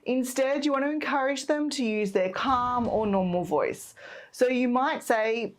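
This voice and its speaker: A woman giving parenting advice in calm, steady, scripted narration, like a patient teacher. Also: on the high side, moderate pace. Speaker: parenting educator.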